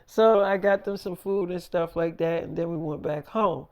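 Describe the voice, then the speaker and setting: A man's voice: sits high, moderate pace, a little mellow, clean tone. A man telling an improvised story in a casual, profane, rambling way and acting out the voices of the people in it.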